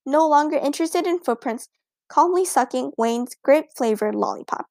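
A woman reads a children's storybook aloud with lively expression. Her voice is high and has a touch of vocal fry. The recording is close and very dry. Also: normal speed, no room sound. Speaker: audiobook narrator. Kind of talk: storybook narration.

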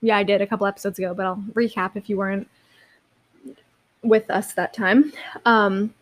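A woman's voice: mid-range voice, steady tone, normal speed. A young woman hosting her own podcast, talking casually and rambling, with many likes and restarts. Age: young adult. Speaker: podcast host. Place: seated in a chair.

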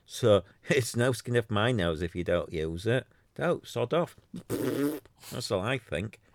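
A man's voice: fairly low pitch, lively intonation, measured pace. A man hosting a solo podcast, ranting in an exasperated, sarcastic way and rambling with many restarts. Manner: exasperated, sarcastic, mocks others in put-on voices. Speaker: podcaster running a free website.

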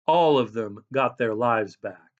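A man preaching a sermon as a pastor, reading scripture and describing himself as a loud person. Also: mid-range voice, slow, muffled recording.

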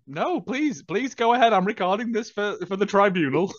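A man's voice: high voice, dry recording, muffled recording. A man co-hosting a casual podcast, teasing and joking in banter. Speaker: podcast co-host. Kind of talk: casual chat.

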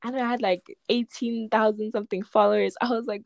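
A woman's voice: fairly high pitch, fairly quick, vocal fry, no room sound. A young woman, a poet telling her story in a casual interview and acting out the people she quotes. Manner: animated, acts out quoted voices, frequent "like" and laughter.

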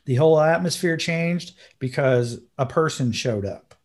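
A man's voice: a little high, animated, unhurried. Earnest man telling a story. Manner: emotional, earnest, slangy ("bro", "dude"). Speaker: podcast host. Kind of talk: casual storytelling.

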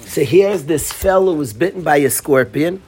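A man's voice: on the high side, moderate pace, a little mellow, slightly rough. A man teaching a Torah class, telling a story and quizzing his students by name.

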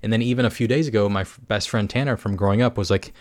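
A man's voice: lowish voice, fairly even intonation, rapid-fire, hardly any pauses, a little mellow, no echo, studio quality. A young man hosting a casual solo podcast, rambling and joking at his own expense, with lots of "like". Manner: rambling, self-mocking, lots of "like". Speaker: podcast host.

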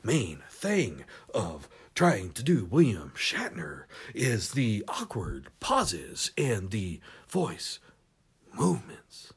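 A man imitating a middle-aged male actor's delivery, with awkward pauses and a low, hushed voice. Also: wildly swooping pitch, slightly rough, heavily acted. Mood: dramatic.

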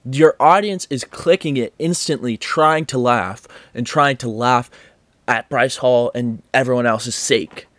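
A man's voice: medium pitch, unhurried, a bit bright, no echo. A man hosting a casual podcast, rambling and swearing, with many restarts. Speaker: podcast host.

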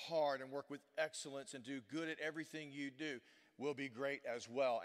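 A male pastor preaching in an emphatic, preacherly way, with a mid-range voice that rises into loud rhetorical questions and drops to near-hushed earnestness. His words ring out with a long church-hall reverb. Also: mid-range voice. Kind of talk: sermon.

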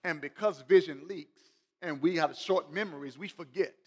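A man's voice: a little high, moderate pace, darkish tone, breathy edge. A man, a pastor, preaching a sermon. He swells and drops in volume and talks straight to the congregation with questions. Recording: long hall reverb.

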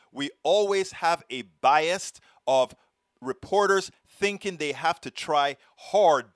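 A man's voice: on the high side, a bit bright, dry recording. Emphatic male political commentator, dry sound. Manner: emphatic, indignant.

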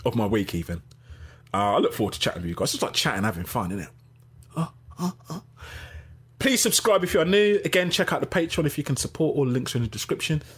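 A middle-aged man hosting a casual live-stream podcast, reading out chat and giving shout-outs. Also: medium pitch, lively intonation, quick pace, slightly rough. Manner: chatty, gives shout-outs, laughs easily.

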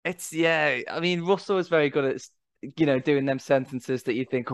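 A man co-hosting a casual podcast, enthusiastic and quick to laugh. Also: mid-range voice, clean tone, no echo, clean studio sound. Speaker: podcast co-host. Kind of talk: casual chat.

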